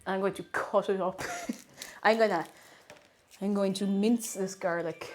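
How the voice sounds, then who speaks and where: A woman's voice: mid-range voice, steady tone, unhurried, a little mellow, faint music behind. A young woman with a Tipperary Irish accent, chatting casually with her livestream chat while she cooks, giggling and greeting viewers. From Tipperary, Ireland. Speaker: cooking streamer.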